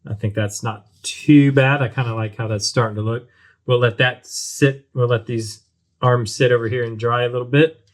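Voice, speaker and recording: A man with a steady, mid-range voice walks through a model kit build at home, speaking at a moderate pace. He thinks aloud at his workbench, often saying um and starting over in this casual tutorial.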